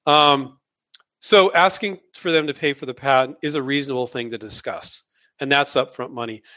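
A man's voice: medium pitch, moderate pace, pushed and bright. A man hosting a live question-and-answer session, giving blunt, emphatic advice and repeating words for stress. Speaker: host answering viewer questions.

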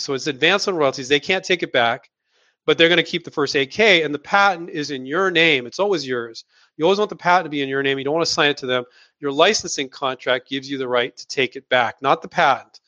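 A man hosts a live question-and-answer stream, answering viewers bluntly and hammering points home by repeating words. His voice is slightly high and bright with a forceful edge. The audio is dull and lo-fi. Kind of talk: live Q&A advice.

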